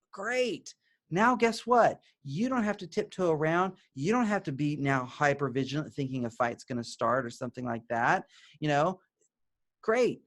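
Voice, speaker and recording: A middle-aged man teaching couples as a therapist, talking conversationally, asking and answering his own questions, and softly acting out gentle example phrases. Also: on the high side, expressive, moderate pace. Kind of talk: video lesson to camera.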